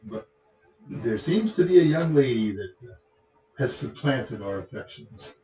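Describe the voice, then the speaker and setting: A man's voice: mid-range voice, expressive, normal speed, a little mellow. Chatty Texan man in an echoey room. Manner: rambling, joking asides. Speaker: tech show host. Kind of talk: casual livestream chat.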